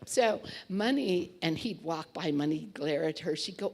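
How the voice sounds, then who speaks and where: A woman's voice: fairly low pitch, normal speed, darkish tone. A woman telling a memory in a casual, chatty way, with fillers and restarts, acting out quoted lines. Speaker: storyteller recalling memories. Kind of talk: casual anecdotal storytelling.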